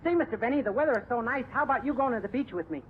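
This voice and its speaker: A dim, cheerful young fellow with a very high, quick voice who thinks he's hilarious. Naive and eager, he chatters fast. Heard through a dull, lo-fi old radio recording with faint hiss.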